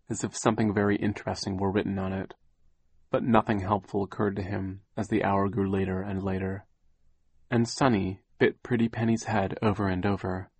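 Casting note: male audiobook narrator, low-pitched and husky, measured, dry close sound. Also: no room sound. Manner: measured, gently dramatic storytelling. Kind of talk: scripted narration.

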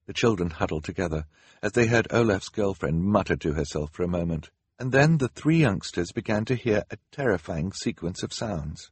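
Male audiobook narrator, low and husky, lively dramatic delivery, dry close recording. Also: moderate pace, no room sound. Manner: expressive storytelling with dramatic rises. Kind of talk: scripted narration.

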